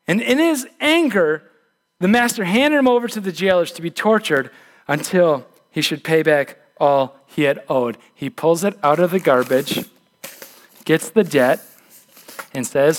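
A pastor preaches with conversational emphasis, often stumbling and restarting his words as he presses a point home. His man's voice sits notably high, swinging between quick asides and slow, weighty lines. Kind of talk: sermon.

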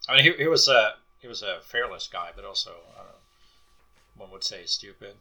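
A man's voice: on the low side, animated, a little fast, creaky, pushed and bright, low-quality recording. A man in casual film-podcast chat who mostly adds brief remarks and agrees with the others. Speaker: podcast co-host. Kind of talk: casual chat about films.

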